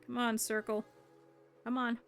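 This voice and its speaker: A woman's voice: a little high, flat delivery, a little slow, faint music behind. A woman streamer chatting her viewers step by step through cutting and sewing a plush, explaining as she works. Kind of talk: casual step-by-step craft tutorial.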